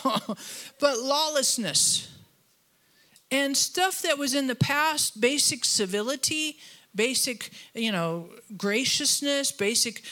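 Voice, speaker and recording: A woman preaching a church sermon, telling stories with lively, self-deprecating humor. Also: on the high side. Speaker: guest preacher. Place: church auditorium.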